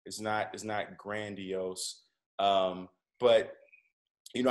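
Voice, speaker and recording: Man telling a story in relaxed, easygoing chat. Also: fairly low pitch. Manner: relaxed, rambling, with frequent restarts. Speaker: comedian and podcast host, guest. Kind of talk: casual conversational storytelling.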